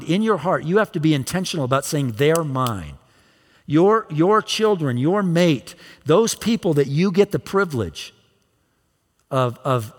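Guy preaching a sermon, bit high voice, lots of repeating for emphasis, long church reverb. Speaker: pastor.

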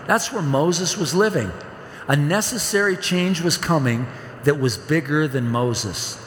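A man's voice: on the high side, a little hiss or hum. A man in his fifties preaching a sermon, asking the congregation questions and acting out quoted pleas. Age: 50s. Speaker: pastor. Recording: long hall reverb.

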